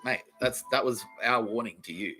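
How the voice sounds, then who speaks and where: Ranting man, bright voice. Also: medium pitch, moderate pace, faint music behind. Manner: profane, animated, ranting, laughs often. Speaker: podcast host. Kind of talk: rambling solo podcast monologue.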